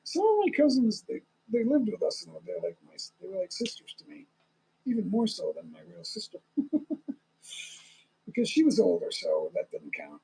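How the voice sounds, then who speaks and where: A man's voice: high voice, huge pitch swings, moderate pace, vocal fry, dark tone, husky, low-quality recording. A man chatting casually on a live stream, rambling and talking straight to his viewers. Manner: rambling, talks to viewers, chuckles often.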